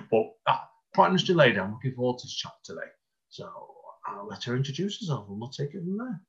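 Male podcast host on a video call, lively and rambling, muffled lo-fi sound. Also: mid-range voice, fast. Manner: rambling, laughs often, interrupts himself. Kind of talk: casual interview chat.

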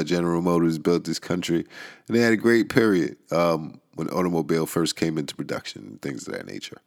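Deep-voiced laid-back man ranting casually. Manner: laid-back, laughing, many fillers, bursts of disbelief. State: a little stoned, dry mouth. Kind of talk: casual commentary monologue.

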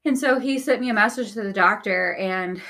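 A woman's voice: mid-range voice, a little fast, sharp tone. Candid woman telling her story. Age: young adult or older. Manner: conversational, frequent "like" fillers. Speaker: podcast guest.

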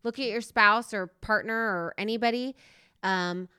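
A woman in her thirties co-hosting a podcast, chatting casually in a rambling, animated way, often laughing. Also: mid-range voice, measured pace, clear, resonant tone, no echo, studio quality. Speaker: podcast co-host. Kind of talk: casual chat.

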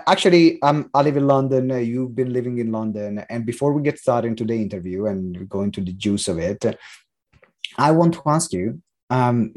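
Podcast host, male, Italian accent, mid-pitched voice, chatty with lots of "uh" fillers. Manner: frequent "uh" fillers, lively and jokey. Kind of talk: podcast interview. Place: London.

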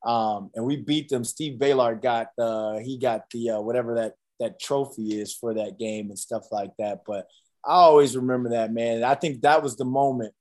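A man's voice: medium pitch, moderate pace. A man in his thirties, a former college football player, telling stories in a casual interview, acting out quotes with lots of fillers. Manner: animated storyteller, acts out quotes, many fillers.

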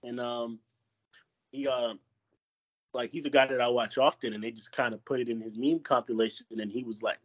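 A young man co-hosting a casual podcast, his voice husky and slightly rough. He talks haltingly, stopping and restarting often, with an easy profane edge. The sound is dull, like a cheap home mic. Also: medium pitch, steady tone. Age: young adult. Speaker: podcast co-host. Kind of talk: casual chat.

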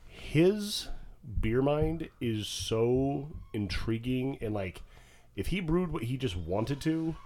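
A man's voice: mid-range voice, very animated, slow pace, darkish tone, a little hiss or hum. A man who works at a brewery, co-hosting a casual podcast in a laid-back, filler-heavy way.

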